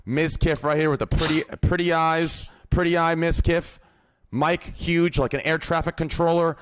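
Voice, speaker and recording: A man's voice: on the high side, little pitch movement, moderate pace, clear, resonant tone. A man hosting an event, teasing and hyping up a guest as he introduces him. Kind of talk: playful introduction.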